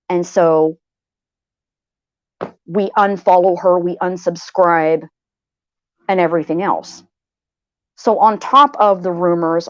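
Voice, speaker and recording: A woman's voice: on the low side, no room sound, dull audio. A woman hosting a livestream tells a personal story in a heated, blunt way, swearing freely and repeating phrases to drive her point home. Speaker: livestream host. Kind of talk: venting personal story to viewers.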